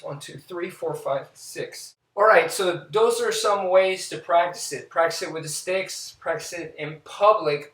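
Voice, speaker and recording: Casual male martial arts instructor, slightly high voice, demonstrating and counting moves, recorded from a distance with roomy echo. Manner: relaxed, talks while demonstrating moves and counting.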